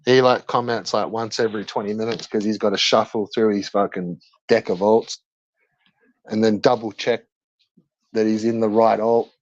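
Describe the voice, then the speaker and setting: A man's voice: lowish voice, little pitch movement, moderate pace, dry recording, muffled recording. A man with an Australian accent, a streamer in brash, profane casual chat with viewers.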